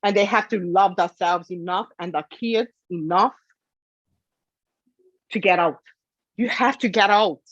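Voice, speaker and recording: A woman's voice: mid-range voice, measured pace, pauses often, no room sound, dull audio. A woman guest telling her own story with emotion, tearful and pleading, repeating herself for emphasis. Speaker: interview guest.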